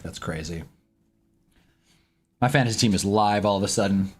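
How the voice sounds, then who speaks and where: A man hosts a live sports stream from his desk mic, easygoing and talkative, addressing his chat and dropping the odd swear word. He speaks at a fairly low pitch and moderate pace, with soft background music.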